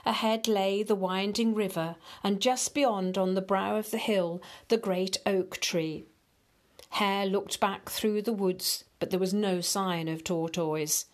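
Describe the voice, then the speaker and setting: Woman reading a kids story, slow and gentle, talks to the children. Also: medium pitch, fairly even intonation. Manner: gentle, unhurried, addresses children directly.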